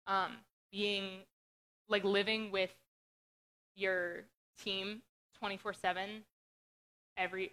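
Young woman from Western Pennsylvania, casual testimony talk, earnest and chatty, mid-pitched. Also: fairly bright tone. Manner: earnest, conversational, many fillers. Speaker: speaker sharing testimony.

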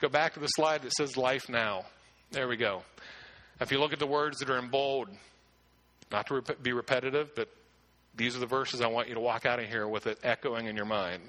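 A man delivers a sermon with a bright, forceful tone at a middle pitch. He preaches earnestly and emphatically, doubling back on words as he builds his points. The sound is that of a pastor speaking in a church. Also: fairly even intonation, a little fast.

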